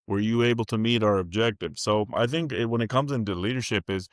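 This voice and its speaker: A man's voice: on the low side, brisk, no echo, clean studio sound. A man who leads a school district, talking in a casual interview in a plain-spoken, folksy way and acting out the conversations he quotes. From California.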